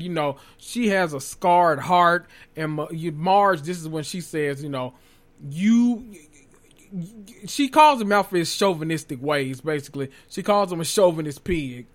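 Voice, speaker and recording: A man hosting a podcast, giving a casual, sassy recap of a reality show, cussing freely and swinging from low murmurs to loud exclamations.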